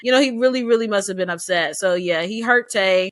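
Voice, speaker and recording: A woman co-hosting a casual book club discussion, animated and opinionated, acting out the characters' lines as she talks. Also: mid-range voice, brisk, no room sound, clean studio sound.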